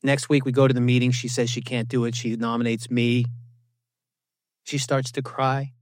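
A man sharing his recovery testimony at a meeting, telling it as an animated story with self-mocking asides and quick impressions of other people. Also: mid-range voice, no room sound, studio quality. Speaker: recovery program speaker. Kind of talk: personal testimony talk.

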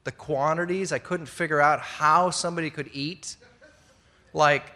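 Before fellow members at a recovery meeting held indoors, a middle-aged man tells his story unhurriedly in a steady, bright, ringing voice pitched slightly high. He rambles conversationally with fillers and false starts. He keeps an earnest tone and sometimes laughs at himself.

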